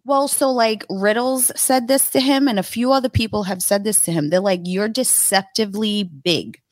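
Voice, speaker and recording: A woman's voice: medium pitch, moderate pace, dry recording. A woman co-hosting a podcast, chatting and telling stories with laughter. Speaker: podcast co-host. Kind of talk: casual chat.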